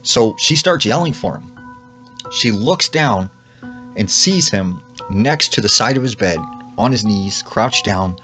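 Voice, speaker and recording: A man's voice: fairly low pitch, animated, unhurried, fairly bright tone, soft background music. A man casually retelling a creepy story, full of "like" and quoted lines. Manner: retells with lots of "like" and acted quotes. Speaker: storyteller in clip.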